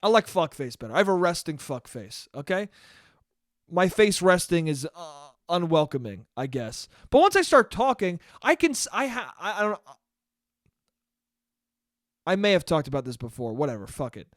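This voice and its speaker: A man's voice: on the high side, sing-song, moderate pace, a bit bright, no room sound, clean studio sound. A young man hosting a solo podcast, telling a rambling, profane, self-deprecating story in a casual monologue. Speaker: podcast host.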